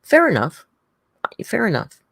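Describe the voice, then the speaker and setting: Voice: medium pitch, wildly swooping pitch, a little slow, creaky, a bit bright, no echo, clean studio sound. A livestream host in casual reaction chat, rambling and chatty, reading out viewer comments.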